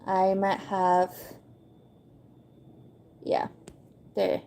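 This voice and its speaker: A woman's voice: mid-range voice, monotone, drawn-out words, mellow, a little hiss or hum. A chatty woman hosts a casual livestream from home. She guides her viewers through a website step by step, laughing often and reacting to her chat as she goes. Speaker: livestream host.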